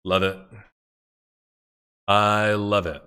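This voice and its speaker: A man with a fairly low voice talks his way through a strategy game in loose, casual commentary. He mutters to himself, gets excited, and swears freely when a move goes wrong. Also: extremely slow, clear, resonant tone. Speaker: gameplay commentator.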